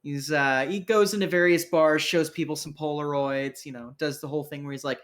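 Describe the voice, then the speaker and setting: A man's voice: fairly high pitch, steady tone, brisk, hardly any pauses, fairly bright tone. A man narrating as game master for a tabletop game, casual with many fillers.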